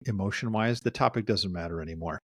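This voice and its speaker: Therapist guy on a podcast, thinking out loud, acts out what people say, dry close mic. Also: fairly low pitch, fast talker, no room sound. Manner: reflective, acts out quoted lines. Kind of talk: casual podcast discussion.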